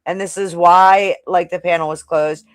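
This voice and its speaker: A woman's voice: on the low side, fairly even intonation, moderate pace, noisy background. A woman hosting a live-stream panel, firmly moderating the talk. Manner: firm, moderating. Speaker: panel host.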